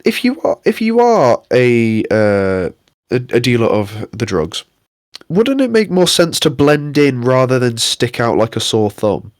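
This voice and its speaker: A man's voice: medium pitch, big pitch swings, a little slow, no echo, clean studio sound. A young man co-hosting a podcast, ranting in a casual, sweary, exasperated way. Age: young adult. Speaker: podcast co-host.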